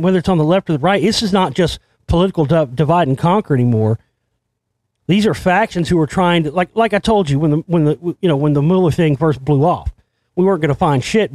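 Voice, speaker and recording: Guy ranting on his own show, keeps restarting sentences, cusses, kinda high voice, dry sound. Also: dry recording. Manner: rambling, excitable, swears, many restarts. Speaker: show host. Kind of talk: conspiracy commentary monologue.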